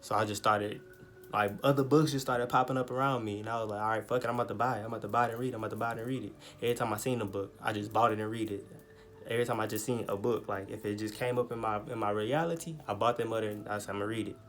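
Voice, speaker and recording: Man, twenties, low voice, slangy, profane, casual storytelling vlog, faint hiss behind. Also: racing. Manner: profane, slang-heavy, animated retelling. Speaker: vlogger.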